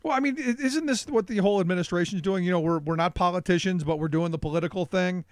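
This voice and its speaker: A man's voice: high-pitched, quick pace, no room sound. A man hosting a radio talk show, chatting about politics in a questioning, conversational way with hesitant fillers.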